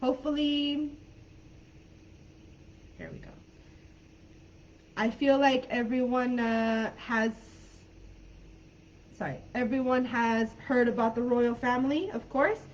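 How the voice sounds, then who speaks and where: A woman teaching English in a live online class, friendly and chatty, laughing often and filling pauses while she thinks. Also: a little high, fairly even intonation. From California. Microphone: video call. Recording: dull lo-fi video call audio.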